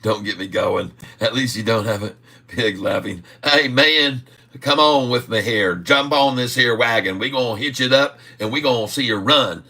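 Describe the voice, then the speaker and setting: A man's voice: mid-range voice, moderate pace, pushed and bright. A man putting on a rowdy, folksy redneck character with a Southern accent, laughing between lines. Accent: American Southern, put on.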